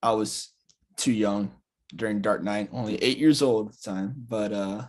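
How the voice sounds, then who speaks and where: A man's voice: fairly low pitch, fairly even intonation, moderate pace, darkish tone. A man in his twenties co-hosting a podcast, musing in a thoughtful, hesitant way in casual chat. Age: 20s. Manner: thoughtful, hesitant, many fillers. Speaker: podcast co-host.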